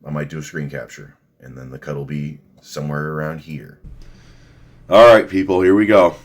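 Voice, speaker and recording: A man's voice: a bass voice, fairly even intonation, moderate pace. A man doing a casual video reaction, blunt and crude, rambling with fillers.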